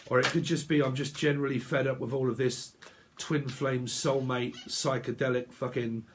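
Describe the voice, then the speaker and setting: A man's voice: mid-range voice, flat delivery, moderate pace, slight background noise. A man giving a casual tarot reading, rambling bluntly and swearing freely. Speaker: tarot reader.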